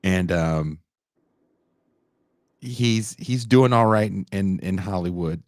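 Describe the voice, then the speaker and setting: A man in his forties talks with a notably deep voice. The recording is dry and close, with no room sound. As a podcast host he tells a story in a lively, casual way and gives the people in it their own voices. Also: takes it slowly, no echo. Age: 40s.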